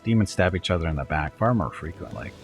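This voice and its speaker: Sly lecturing kobold bard, a deep-voiced man reading him. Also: expressive, fast talker, music in the background. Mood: conspiratorial. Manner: probing, lecturing, cold when talking of traitors. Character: sly, hard-edged male kobold bard traveler. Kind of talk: reading game dialogue aloud.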